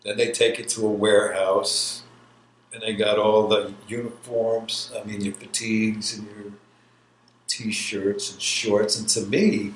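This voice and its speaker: A man in his sixties, an army veteran from New York, talks through his life story in an oral history interview, laughing and rambling. He speaks a little slowly with a fairly low pitch and flat delivery, and the recording is roomy with faint hiss.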